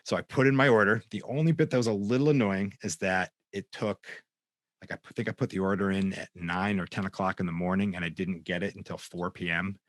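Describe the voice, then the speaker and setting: A man's voice: sits low, steady tone, a little fast, no room sound. A man co-hosting a podcast, chatting casually and enthusiastically with casual swearing. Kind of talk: casual chat.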